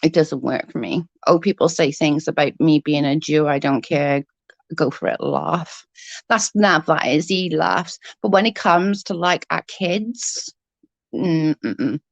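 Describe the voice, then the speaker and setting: A woman in her thirties vents into the camera with a fairly low voice, her swearing storytelling loose and fired up. The sound is dry and close, with no room behind her. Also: measured pace, gravelly, no room sound. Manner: heated, swears freely, animated retelling. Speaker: vlogger. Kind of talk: casual storytelling vlog.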